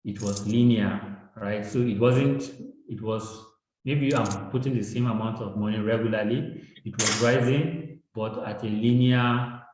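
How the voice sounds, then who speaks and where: A Nigerian-accented man walks through classroom examples at a steady, mid-range pitch, tagging his points with "right?". His voice rings out in a very echoey room. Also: measured pace, slight background noise. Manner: explains with examples, frequent tag "right?". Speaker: education guest. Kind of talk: explanatory discussion.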